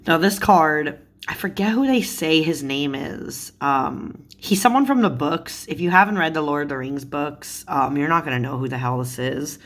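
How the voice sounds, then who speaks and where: A woman's voice: deep voice, normal speed. A young woman chatting casually about tarot cards, often breaking into giggles mid-sentence. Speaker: tarot video creator.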